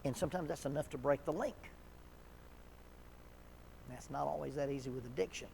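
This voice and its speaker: A man leading an addiction seminar at a church, talking in a relaxed, conversational way, telling stories and chuckling often. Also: on the high side, fairly quick, gravelly, slight background noise. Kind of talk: casual seminar talk.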